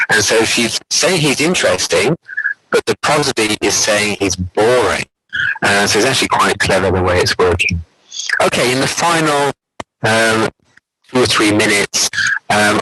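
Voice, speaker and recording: A man's voice: on the low side, bright, forceful tone, slight background noise, poor audio. A man giving an academic conference talk, explaining and acting out quoted intonations. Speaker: conference lecturer.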